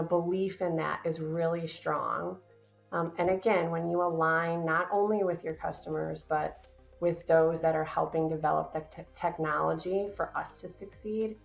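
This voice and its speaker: A company's business development director, appearing as a guest, answers interview questions in an earnest, upbeat way packed with fillers. She has a low voice with a gravelly edge, and faint music plays underneath.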